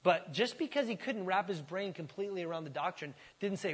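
A man preaching a sermon as pastor, talking conversationally and with animation, swinging from loud emphasis to hushed asides. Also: high voice, animated, normal speed, few pauses, husky. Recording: long reverb of a large hall.

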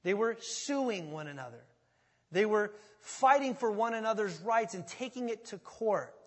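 A man preaching a sermon as pastor, talking in a conversational, animated way and joking with his congregation. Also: high-pitched, measured pace, long reverb tail.

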